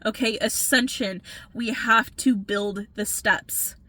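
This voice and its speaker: Slow, earnest woman urging spiritual self-care. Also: on the high side, fairly even intonation, pushed and bright, dry recording. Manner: earnest, urging, repeats "okay?", swears for emphasis. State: tired from working all night. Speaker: spiritual reader. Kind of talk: impassioned spiritual pep talk.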